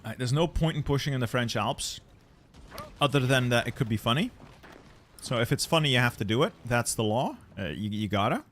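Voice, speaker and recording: A young adult man with a mid-pitched voice, live-streaming a strategy game. He talks casually to himself as he plans, stalling and repeating words before he commits to a move. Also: fairly quick, slight background noise. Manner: thinking aloud, relaxed, repeats words while planning.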